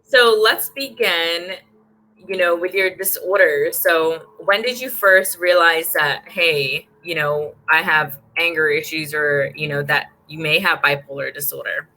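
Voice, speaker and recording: A bright, upbeat woman hosts a relaxed interview over a video call. She laughs often and keeps the chat light, and her voice sits a little low for a woman. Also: unhurried, a little hiss or hum, poor audio. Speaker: podcast host.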